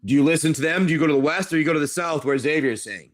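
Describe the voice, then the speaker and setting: Talking very fast in a fairly high-pitched voice, a game master and livestream seller improvises tabletop game narration on stream, rambling and correcting himself along the way.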